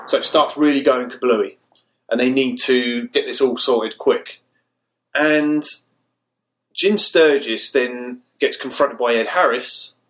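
A man talks through a film's plot in a loose, meandering podcast chat. His voice sits at an ordinary middle pitch. He swears freely and laughs along as he rambles. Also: slow, a bit bright, poor audio. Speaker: podcast co-host. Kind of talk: casual film-review chat.

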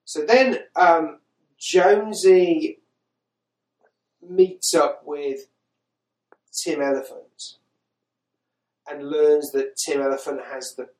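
A man's voice: on the high side, steady tone, takes it slowly, pauses often, a little mellow, roomy sound, rough recording. A man hosting a podcast, recapping a film in casual chat with exasperated, sweary incredulity. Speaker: podcast host.

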